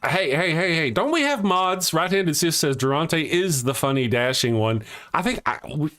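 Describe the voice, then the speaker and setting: A man's voice: on the high side, lively intonation, normal speed, background noise. A man hosting a casual live-stream show, rambling and joking, laughing often at his own jokes and teasing viewers as he reads their comments. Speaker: livestream host.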